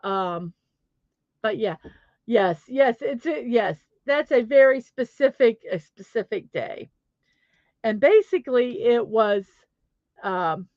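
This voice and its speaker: In a fairly high voice on a dry, lo-fi recording, a middle-aged woman with a Southern accent hosts her daily positivity show as a casual solo chat. Giggly and self-deprecating, she laughs at herself and apologizes each time she stumbles.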